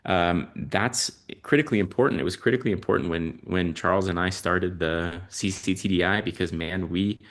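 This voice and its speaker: A man with a low-pitched voice talks through family stories as a podcast guest. He pauses often and fills the gaps with ums and uhs. His delivery is slow and thoughtful. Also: fairly bright tone. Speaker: podcast guest, parent and physician-researcher. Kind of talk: reflective conversational storytelling.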